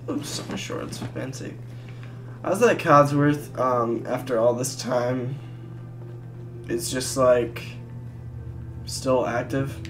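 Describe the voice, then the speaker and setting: Crude, slow-talking joking gamer. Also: mid-range voice, a little hiss or hum. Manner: crude, joking, bursts into loud laughter. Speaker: let's play gamer. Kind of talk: casual gameplay commentary.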